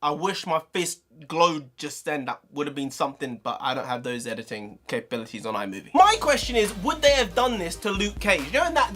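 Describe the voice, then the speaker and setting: A man, ranting heatedly in a review vlog, swearing, his pitch swinging up and down. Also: pushed and bright. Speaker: video reviewer.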